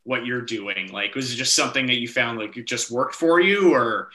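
A man's voice: mid-range voice, normal speed, sharp tone. A male podcast host asking long, rambling questions packed with 'like'. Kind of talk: casual interview talk.

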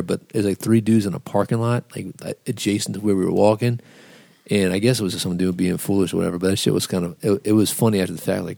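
A man's voice: fairly low pitch, fairly even intonation, fairly quick, vocal fry, a little mellow, no room sound, studio quality. A man co-hosting a casual podcast, telling rambling stories and swearing freely. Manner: rambling, swears a lot, acts out quotes. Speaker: podcast co-host. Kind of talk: casual profane storytelling.

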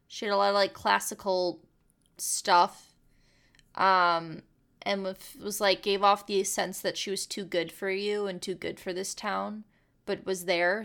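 Creaky-voiced woman chatting casually. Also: mid-range voice. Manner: rambling, profane, animated storytelling. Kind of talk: casual chat.

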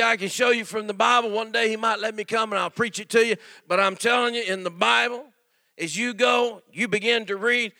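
A man's voice: high voice, gravelly, pushed and bright, no room sound. A middle-aged man preaching a folksy, storytelling sermon as a guest preacher, often calling for amens.

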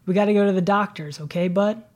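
Storybook grandma: kind and in a rush, soft and plain; author doing her lines in a reading. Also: mid-range voice, quick pace, lightly acted. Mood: gentle.

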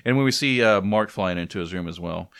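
A man's voice: low-pitched, quick pace, a bit bright, clear, resonant tone. A man in casual chat, recapping a comic and briefly acting out the characters' lines. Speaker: podcast co-host recapping a comic.

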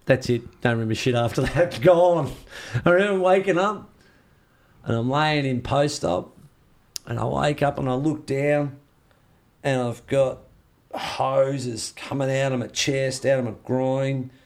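Man, gravelly voice, casual storytelling, acts out the other people's lines. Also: mid-range voice, measured pace. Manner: lively, acts out what others said. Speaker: interview guest.

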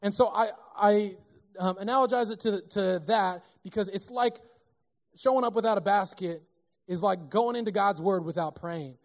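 High-voiced man preaching an animated sermon. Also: normal speed. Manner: animated, joking, conversational. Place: church sanctuary.

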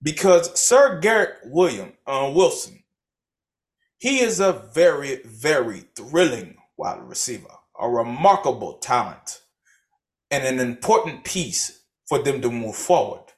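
A man's voice: mid-range voice, very animated, unhurried. A young man co-hosting a casual sports podcast, talking in a mock-formal, wordy analyst style. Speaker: podcast co-host.

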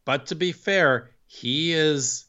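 A man's voice: on the high side, slow, pushed and bright. A man co-hosting a casual wrestling podcast, wry and exasperated, often sighing. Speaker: podcast co-host. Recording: dull lo-fi mic.

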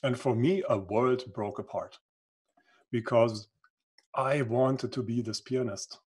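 A husky man with a medium-pitched, darkish voice speaks slowly in English, which isn't his first language. As an interview guest, he tells his life story in an earnest, reflective, conversational way and sometimes searches for words.

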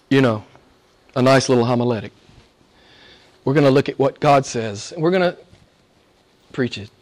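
A man preaching a sermon to his church, emphatic, often repeating phrases and asking his listeners to agree. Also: mid-range voice. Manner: emphatic, repeats phrases, asks "right?" of the congregation. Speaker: pastor. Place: church service.

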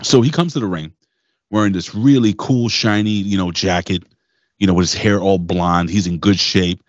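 A man's voice: sits low, steady tone, normal speed, no echo, dull audio. Profane, rambling man on a podcast. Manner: loose, profane, rambling storyteller. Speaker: podcast co-host. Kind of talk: casual wrestling podcast chat.

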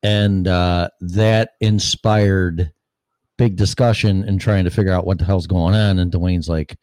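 A man's voice: low-pitched, steady tone, a little slow, darkish tone, no echo. A man hosting a casual call-in chat, laid-back and telling a story with easy swearing. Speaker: show host.

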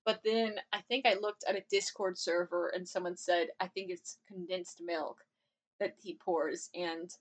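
A woman's voice: on the low side, steady tone, a little slow. A woman co-hosting a podcast, chatting casually as she recaps a drama and acts out quotes from it. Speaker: podcast co-host.

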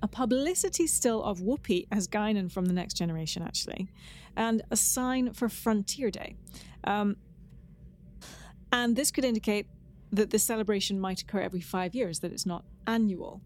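A woman co-hosting a podcast, chatting casually and enthusiastically with lively asides. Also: medium pitch, normal speed, a little hiss or hum. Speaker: podcast co-host.

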